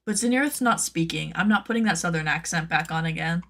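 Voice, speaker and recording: A woman who makes cosplay patterns, chatting casually on her stream, rambling with lots of "like" and playful jumps into high silly tones. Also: fast, a bit bright.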